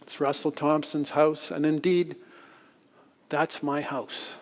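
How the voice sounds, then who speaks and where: Male speaker, slightly high voice, self-deprecating storyteller, long hall reverb. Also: flat delivery, takes it slowly. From Canada. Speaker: conference speaker. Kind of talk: storytelling talk. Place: lecture hall.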